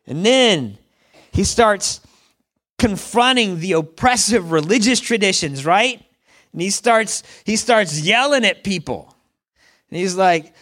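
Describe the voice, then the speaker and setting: Slow yet animated, a pastor with a high, fairly bright voice tells his sermon like a conversational story. He keeps checking in with the listeners, tossing in "right?" again and again.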